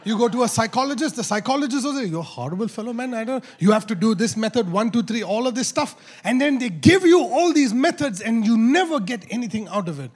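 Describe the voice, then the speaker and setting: A man preaching a sermon as pastor, moving from quiet coaxing to loud, shouted exhortation. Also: very high-pitched, lively intonation, quick pace, hardly any pauses.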